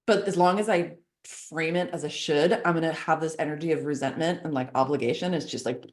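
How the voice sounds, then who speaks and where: A chatty woman in her thirties, speaking as a coach and podcast guest, with a slightly low voice. She laughs often and fills her sentences with "like". The room sounds echoey. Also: fairly quick, a little mellow. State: four months pregnant. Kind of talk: casual conversational interview.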